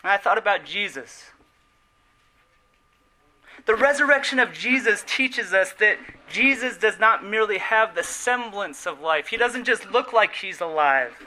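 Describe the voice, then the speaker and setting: A man delivers a sermon with a high, strikingly bright and forceful voice. He preaches earnestly and with emphasis, slowing on key words. His phrase endings drop away softly. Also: low-quality recording.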